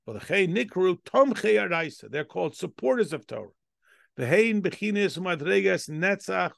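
A man's voice: sits high, gravelly, no echo, studio quality. A man teaching a Torah lesson as a rabbi, reading Hebrew text aloud and explaining it step by step with rhetorical questions. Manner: reads Hebrew text aloud then translates.

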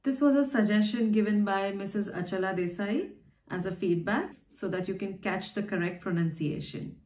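A woman's voice: mid-range voice, moderate pace, darkish tone. A woman who hosts her own channel, patiently teaching how to pronounce letters and explaining them with everyday examples. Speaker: language teacher and channel host. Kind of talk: slow, careful teaching of pronunciation. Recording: echoey room.

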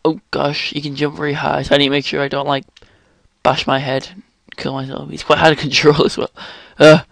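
A young man commentating a game he is playing, excitable, exclaiming and swearing often. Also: fairly high pitch, a little fast, gravelly, no echo. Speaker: gaming channel host. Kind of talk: let's play commentary.

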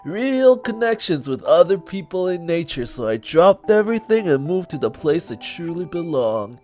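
A man putting on the slow voice of a gentle, dying old grandfather. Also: a little high, big pitch swings, soft background music, pitched above the performer's own voice. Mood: tender. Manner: reads very slowly.

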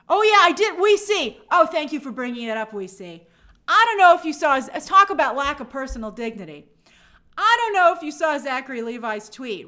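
A woman hosting a movie news live stream, giving sarcastic, animated commentary and reading viewer comments aloud. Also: high-pitched. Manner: animated, sarcastic, acts out quoted reactions.

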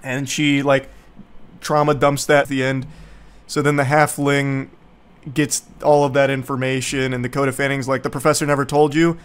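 A man's voice: mid-range voice, monotone, moderate pace, clear, resonant tone. A young man giving casual, sarcastic movie commentary in a rambling, mocking way. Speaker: YouTube commentator.

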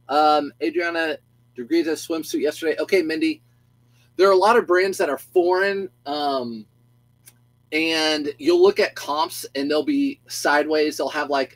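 A man's voice: on the high side, no echo, poor audio. A middle-aged man, a reseller chatting casually on a live stream, goofy and talkative, greeting viewers by name and stumbling over his own restarts.

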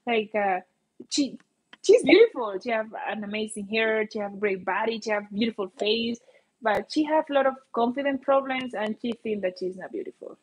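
A woman with a Colombian accent, a native Spanish speaker, chats casually on a livestream and often has to search for English words. Her voice is on the high side, at a normal speed, with a slightly rough texture. She is a vlogger.

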